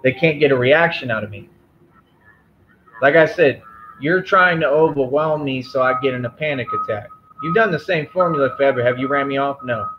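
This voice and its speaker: Male streamer, mid-pitched, confrontational lecturing tone, dull lo-fi audio. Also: a little hiss or hum. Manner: confrontational, firm and repetitive, lecturing. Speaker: livestream host. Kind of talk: live stream rant to chat.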